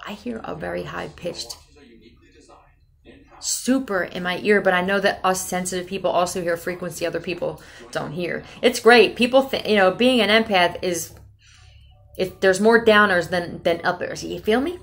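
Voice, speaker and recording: In a lowish, creaky voice that's a bit bright, a woman from Philadelphia does a casual tarot reading at normal speed. She's blunt, profane, and rambles from one thought to another.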